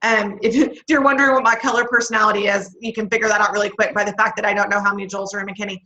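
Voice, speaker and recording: A woman from Texas, leading a motivational team training call in a folksy, energetic way. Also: medium pitch, rapid-fire, highs cut off. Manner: energetic, folksy, laughs often. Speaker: network marketing leader. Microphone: video call.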